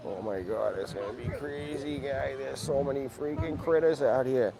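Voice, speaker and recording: A man putting on a joking Boston accent, playing an excited local guy who keeps saying "freaking", outdoors with crowd noise behind him. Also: mid-range voice, normal speed, gravelly, natural voice. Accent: Boston (put on). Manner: joking, calls people "guy", says "freaking" a lot. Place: outdoors in a busy theme park.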